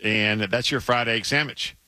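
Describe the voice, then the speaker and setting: A middle-aged man with a Southern American accent, co-hosting a sports radio talk show, emphatic and animated, often stammering and restarting. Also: mid-range voice, measured pace, dry recording. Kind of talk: casual sports radio banter.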